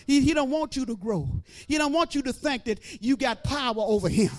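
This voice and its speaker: A middle-aged woman preacher giving an animated testimony, breaking into praise and shouting at the peaks. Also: high voice, brisk. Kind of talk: testimony sermon.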